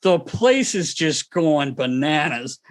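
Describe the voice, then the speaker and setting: Guy on a podcast telling old hockey stories, kinda high voice, laughing a lot. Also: takes it slowly. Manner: animated storyteller, laughs often. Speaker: podcast host. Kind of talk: casual storytelling chat.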